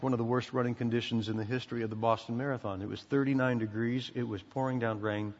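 A middle-aged pastor preaching a sermon, emphatic and preacherly, sometimes dropping to a quiet intensity. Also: male voice, mid-range voice. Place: church sanctuary. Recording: dull sound in a reverberant hall.

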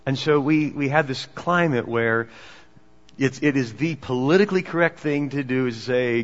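A man's voice: medium pitch, normal speed. Preacher man in a dull echoing hall. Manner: swings between emphatic and hushed delivery. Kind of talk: sermon. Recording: dull, echoey hall recording.

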